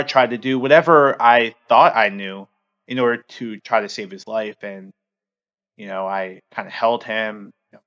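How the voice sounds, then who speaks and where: A man's voice: on the low side, fairly bright tone, lo-fi sound. Earnest man telling a personal story. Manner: halting, heavy use of fillers; earnest, open. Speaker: podcast host.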